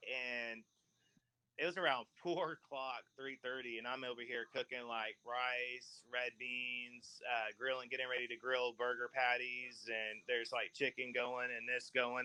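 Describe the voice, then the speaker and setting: On a casual podcast chat, a male host tells long, meandering stories and laughs partway through sentences. His mid-range voice is bright, forceful, clear and resonant, though the recording is rough.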